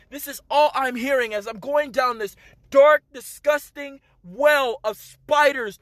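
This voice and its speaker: A man's voice: very high voice, unhurried, fairly bright tone, dry recording. A man urgently telling a personal testimony to the camera, emphatic, with many fillers and direct appeals to the listener. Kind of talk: emotional first-person storytelling.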